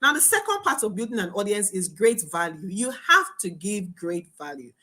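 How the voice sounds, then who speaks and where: A young adult woman teaching a marketing webinar as a coach, talking in an animated, emphatic way. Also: mid-range voice, normal speed. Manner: animated, emphatic, laughs and acts out students' voices.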